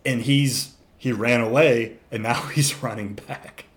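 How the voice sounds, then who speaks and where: A man telling a long story in casual chat, animated and swearing freely as he acts out the animals. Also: mid-range voice, a little slow.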